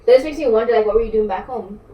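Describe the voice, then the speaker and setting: A woman's voice: fairly high pitch, rapid-fire, far from the mic, dull audio. Heated young woman. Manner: confrontational and heated, lots of slang and cursing. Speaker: wife confronting her husband in a prank video. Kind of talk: heated home argument, swearing. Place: home. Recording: echoey room, voice from across the room, faint noise.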